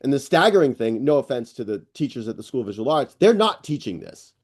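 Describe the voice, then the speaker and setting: A man's voice: medium pitch, fast, husky. Rambling man hosting a video call. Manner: rambling, excitable, many fillers and restarts. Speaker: host presenting AI news. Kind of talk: casual screen-share walkthrough on a live call.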